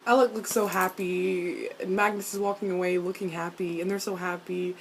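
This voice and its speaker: A young woman recapping a TV episode in a casual, animated and sweary way, acting out characters in mock voices. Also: medium pitch, normal speed, slight background noise. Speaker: TV recap vlogger.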